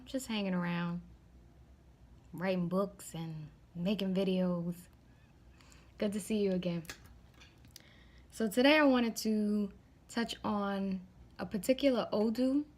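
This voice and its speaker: A woman's voice: medium pitch, a little mellow. A woman vlogging, retelling a spiritual story in a casual, conversational way, often checking in with the viewer.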